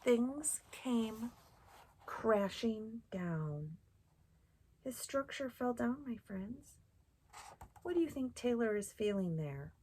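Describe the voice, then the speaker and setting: Storytime lady reading to little kids, slow, breathy, lots of ups and downs, asks them questions. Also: a little high, animated, a little mellow. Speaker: children's storytime host. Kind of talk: read-aloud storytelling for children.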